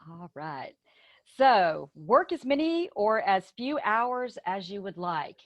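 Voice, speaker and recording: A woman's voice: medium pitch, expressive, takes it slowly. A woman with a Southern US accent co-hosting a casual podcast, chatty and giggly with folksy sayings. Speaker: podcast co-host.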